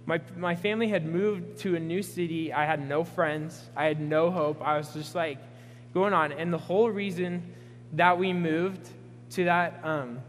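A man's voice: fairly high pitch, steady tone, a little slow, a little hiss or hum. Earnest young man preaching in a hall. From Pacific Northwest US. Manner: earnest, personal storytelling with many fillers. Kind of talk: sermon.

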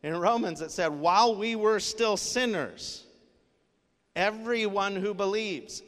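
A man's voice: high voice, animated, takes it slowly, a bit bright. A male pastor preaching a sermon in an earnest, conversational way, with casual fillers. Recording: long hall reverb.

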